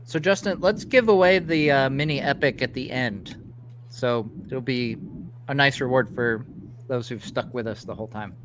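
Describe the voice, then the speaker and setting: A man hosts a laid-back watch-party chat, sounding easygoing and eager as he reacts. His voice sits at an ordinary middle pitch. A steady background noise runs clearly under the whole recording. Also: moderate pace. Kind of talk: casual watch-party commentary.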